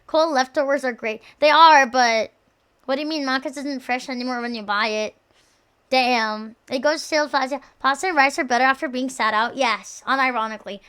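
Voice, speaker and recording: A woman's voice: sits high, smooth. A woman live streamer chatting casually with her viewers, rambling, swearing freely and teasing them with playful insults. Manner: excitable, quick shifts between loud outbursts and mumbles.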